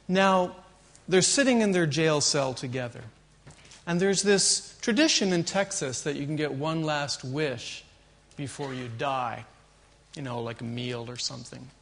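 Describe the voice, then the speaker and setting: A man giving a conference keynote as an agile consultant, telling an opening joke and then explaining his background with frequent fillers. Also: on the high side. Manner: animated storyteller, jokes and fillers.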